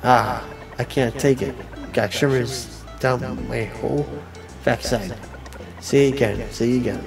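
Slow, halting man reading game lines. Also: medium pitch, fairly even intonation, vocal fry, music in the background, rough recording. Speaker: let's player. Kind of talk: reading game dialogue aloud.

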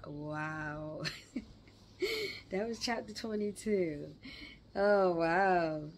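Woman reading a novel aloud, slow and lowish, chatty asides. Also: slight background noise. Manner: unhurried, chatty asides, exclaiming. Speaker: book reader.

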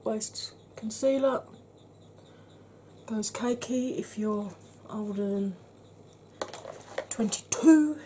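A woman's voice: a little high, very slow, pauses often, mellow, slight background noise. A middle-aged woman chatting frankly to camera in a makeup review, slipping into a half-whisper while she blends and cracking dry jokes. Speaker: beauty vlogger.

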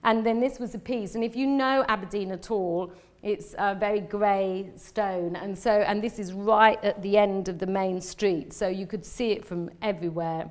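A woman's voice: medium pitch, fairly even intonation, moderate pace. Woman artist giving a talk to a room, chatty and rambly, keeps restarting, laughs a lot. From London, England. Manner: rambling, chatty, self-interrupting with frequent restarts; emotionally open, laughs often. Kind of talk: live lecture presenting slides.

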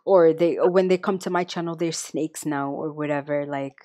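A woman's voice: deep voice, fairly even intonation, normal speed, dark tone. Woman agreeing on a stream panel. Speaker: panel guest. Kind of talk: casual chat.

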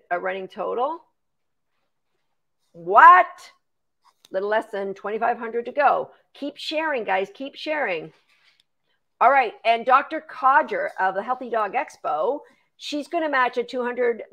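A Canadian dog trainer with a creaky voice on the high side chats through a live-stream Q&A. She explains training steps and thanks viewers by name.

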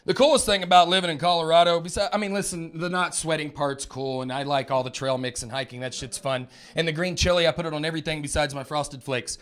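A man's voice: a little high, a bit bright, smooth. A man in his thirties from North Alabama with a Southern drawl, rambling through a self-mocking stand-up set. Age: 30s. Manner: drawling, rambling, self-mocking storyteller who puts on quick character voices. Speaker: stand-up comedian.

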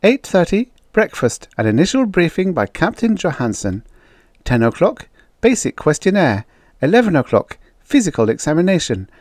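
A man's voice: a little high, darkish tone, dry recording, studio quality, voice pushed up. A man voicing an anxious young female pageant contestant with a plaintive, fretful manner.

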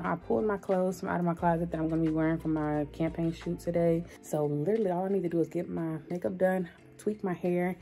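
A young woman talks casually and upbeat to her vlog viewers, greeting them as y'all. Her voice sits a little low and sounds mellow and soft-edged. Faint music plays underneath. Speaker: lifestyle vlogger.

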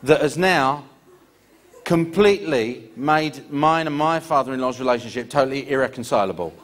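A man doing stand-up comedy, telling a story in an animated, theatrical way. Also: mid-range voice, moderate pace, a little hiss or hum.

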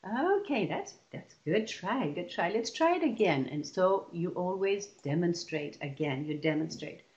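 A woman's voice: on the low side, expressive, a little slow, darkish tone, highs cut off. A woman presenting an online teacher-training session, explaining classroom methods step by step and often restarting her phrases.

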